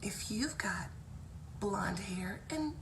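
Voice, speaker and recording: A woman's voice: medium pitch, lively intonation, takes it slowly, distant mic, slight background noise, poor audio. A woman doing a prim, whispering schoolteacher. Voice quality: hushed whisper.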